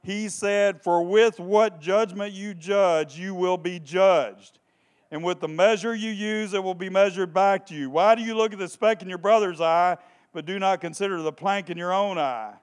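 A man preaching a sermon with passion, repeating phrases for emphasis and swinging between hushed tones and shouting. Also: high-pitched, normal speed, clean tone.

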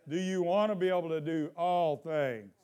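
The preacher here is a man whose voice runs on the high side, a little mellow, clear and resonant. He leads his congregation in call-and-response with questions and lingers over scripture lines to emphasize them.

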